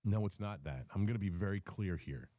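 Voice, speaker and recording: Deep, dark-voiced man ranting on politics. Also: animated, fairly quick, dry recording. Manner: rambling, repeats words, frequent ums and restarts. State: has the hiccups. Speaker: host of a live audio space. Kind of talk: political commentary rant.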